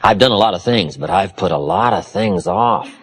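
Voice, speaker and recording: A man giving a motivational seminar talk in a preacherly way, dropping low and confiding, then rising loud and emphatic. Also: expressive, normal speed, a little hiss or hum. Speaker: motivational speaker.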